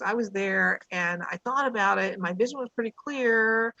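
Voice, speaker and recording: A woman's voice: medium pitch, normal speed, gravelly, hardly any pauses, pushed and bright, lo-fi sound. A woman business coach leading a casual online workshop, chatty and encouraging, telling stories from her clients. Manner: chatty, encouraging, tells anecdotes. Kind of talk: casual live coaching session.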